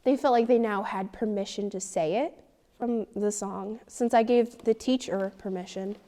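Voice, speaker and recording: A teenage girl telling a personal story in an interview, animated and indignant, acting out the dialogue. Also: mid-range voice, normal speed. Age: teens. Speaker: student interviewee.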